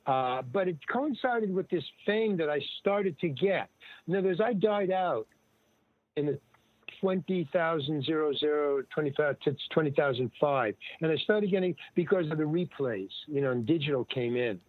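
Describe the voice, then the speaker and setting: An older man, an interview guest, telling stories in a rambling, casual way, full of restarts and lively retold dialogue. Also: on the high side, normal speed, no room sound. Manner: rambling, with many restarts and animated retelling of dialogue. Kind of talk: casual storytelling. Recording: dry, tinny phone-like line.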